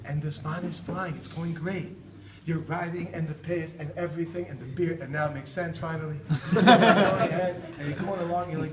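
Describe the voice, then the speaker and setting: Brief: animated male rabbi, story-driven sermon, distant mic, roomy echo. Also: on the high side, fairly quick. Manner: animated, acts out quoted voices, laughs often. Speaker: rabbi giving a talk. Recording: echoey room, distant mic, loud background noise.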